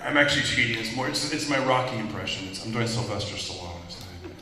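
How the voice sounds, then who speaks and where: A man doing lively stand-up with a bouncy, animated pitch. He jokes his way along and drops into silly voices. He is heard from a distance in a big, echoing hall with a long reverb and a crowd behind him. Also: fast. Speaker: stand-up comedian. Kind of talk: stand-up comedy set. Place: large theater stage with spotlights. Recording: echoey hall, far mic, crowd. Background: audience laughing and clapping.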